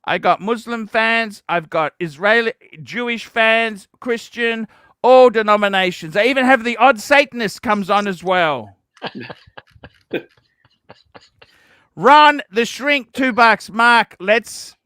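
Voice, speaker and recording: A man hosting a livestream, ranting profanely and breaking into shouts. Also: sits high, slow, smooth, no room sound, clean studio sound. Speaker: livestream host.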